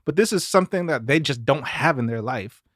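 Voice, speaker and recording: A man from Mississippi talking casually as a podcast guest, mid-pitched and lively, slipping into quoted voices as he tells stories. The sound is dry and close, with no room around him. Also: brisk, dry recording. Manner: animated storyteller, acts out quoted voices. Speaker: guest singer.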